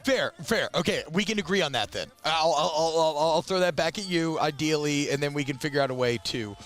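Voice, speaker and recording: A man co-hosting a sports radio talk show, his voice sitting a bit higher than most. He jokes and rambles through light banter, poking fun at himself. Faint music plays under the studio mic. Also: brisk, fairly bright tone. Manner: joking, rambling and self-mocking.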